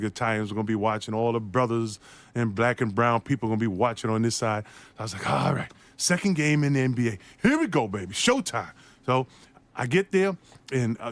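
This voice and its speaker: A former basketball player telling an animated story in an interview, laughing often and acting out the voices of the people in it. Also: male voice, mid-range voice.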